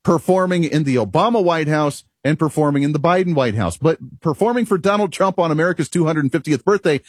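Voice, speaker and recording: Husky-voiced male talk radio host. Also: a little high, a little fast, no echo, studio quality. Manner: emphatic, rhetorical, chuckles at himself. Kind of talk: opinionated talk radio monologue.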